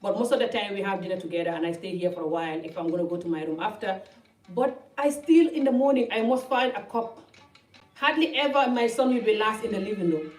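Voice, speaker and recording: A woman's voice: mid-range voice, lively intonation, fast, darkish tone. A middle-aged woman vlogging from her living room, chatting casually to camera in a rambling, loose way. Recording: roomy, distant, faint music behind.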